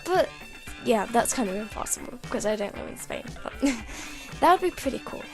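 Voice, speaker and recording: A British woman with a high-pitched voice chats loosely to her computer while showing off a game build, restarting her sentences and giggling as she goes. Faint music plays softly in the background. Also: sing-song, normal speed. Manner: rambling, self-interrupting, giggly. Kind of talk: casual gameplay commentary. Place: at home at a computer.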